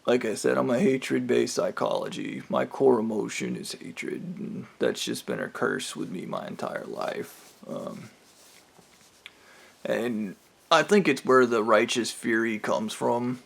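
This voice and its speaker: A man at a middle pitch talks in a rough, gravelly voice. He rambles through a bitter personal monologue, profane and scornful. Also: very animated, measured pace. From United States. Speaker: vlogger. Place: trailer park home.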